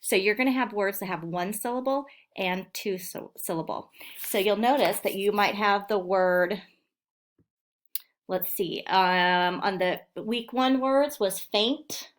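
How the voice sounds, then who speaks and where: A woman teacher giving a recorded phonics lesson to young children, sounding out words slowly and clearly. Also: medium pitch. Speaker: elementary school teacher.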